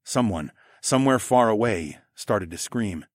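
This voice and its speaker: A man reads a first-person fantasy story in a fairly low voice. His delivery is expressive and his intonation is lively. The recording is dry, with no room sound. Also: normal speed, dry recording. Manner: expressive, acts out dialogue. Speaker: audiobook narrator.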